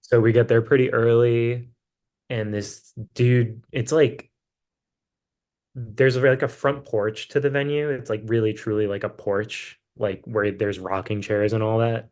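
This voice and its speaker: A man's voice: mid-range voice, little pitch movement, a little slow, a little mellow. A man appearing as a podcast guest who tells a road story in a casual, rambling way, full of fillers. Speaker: musician guest.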